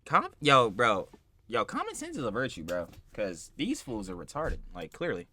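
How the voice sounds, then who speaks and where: A man's voice: medium pitch, huge pitch swings, moderate pace, sharp tone. A young man co-hosting a reaction video, ranting playfully in slangy casual talk and laughing often.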